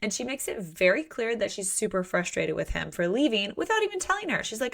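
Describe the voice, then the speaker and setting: A woman co-hosting a podcast, recapping a novel in casual chat, animated, laughing often and acting out the characters' lines. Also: mid-range voice, brisk, gravelly, hardly any pauses. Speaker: podcast co-host. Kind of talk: casual book discussion.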